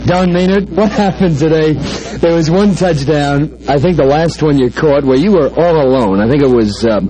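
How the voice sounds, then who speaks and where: A sports reporter asking measured, wordy post-game questions. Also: male voice, a little high, a crowd in the background, poor audio. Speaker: sideline reporter.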